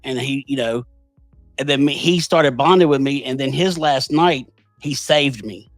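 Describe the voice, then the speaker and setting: A man's voice: medium pitch, moderate pace, no echo, soft background music. Earnest man telling a story. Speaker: podcast host. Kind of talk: casual conversation.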